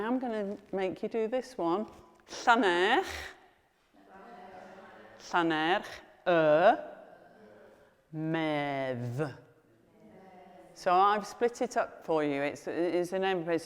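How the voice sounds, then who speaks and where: A woman teaching a beginners' language class, encouraging and repeating phrases slowly for learners to copy. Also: medium pitch. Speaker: Welsh language tutor. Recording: reverberant room with faint guitar music.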